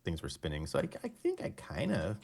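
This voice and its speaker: A man's voice: low-pitched, huge pitch swings, fast talker, gravelly, a little mellow, breathy edge. A man co-hosting a podcast, speaking in hesitant casual chat that trails off. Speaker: podcast co-host.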